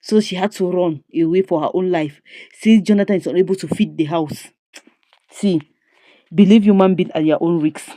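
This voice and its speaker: A woman's voice: lowish voice, moderate pace, dark tone, no room sound. A woman recapping a comedy series in a dramatic, judgmental storytelling way, full of rhetorical questions.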